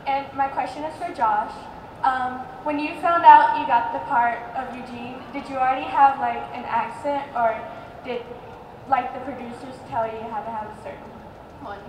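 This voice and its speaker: A high-pitched woman from Texas asks her question at a convention panel, nervous and a little halting. She sounds far from the mic in a big echoing hall, with noise around her. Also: fairly even intonation, darkish tone. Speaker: fan asking a question. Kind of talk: audience question. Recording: roomy hall, from far off, noisy crowd.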